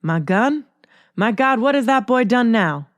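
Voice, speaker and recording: Woman playing a grouchy dad who doesn't wanna miss his show, pitched up, louder. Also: animated, unhurried, dry recording, clean studio sound. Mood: irritated.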